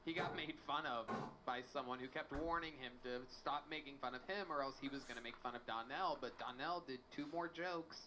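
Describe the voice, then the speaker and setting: A man's voice: mid-range voice, fairly quick, few pauses, background noise. A man hosting a comedy show, telling stories playfully and laughing often. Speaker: host.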